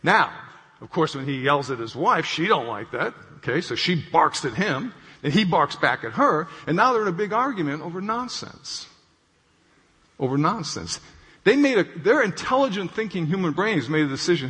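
A clinician explains how stress affects the brain in a conversational way, often checking in with "okay?" and acting out everyday stories to make his point. His voice is fairly high, husky, expressive, and fairly bright, at a moderate pace, with long hall reverb.

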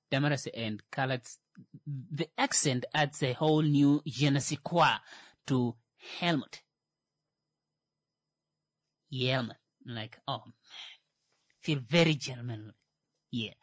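A man's voice: mid-range voice, breathy edge, no room sound. Rambling man hosting a music show, dry sound. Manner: rambling, self-correcting, jokey. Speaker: radio show host playing songs. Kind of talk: casual chat between songs.

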